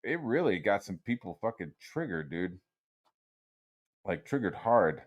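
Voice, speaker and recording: A man's voice: sits low, sing-song, unhurried, husky. A young man streaming a solo rant, swearing constantly and mocking his critics in a heated, sarcastic way. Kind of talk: profane rant.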